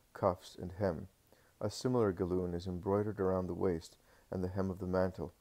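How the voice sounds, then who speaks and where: Brief: male audiobook narrator, very low and gravelly, steady solemn reading. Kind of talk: scripted narration of a religious text.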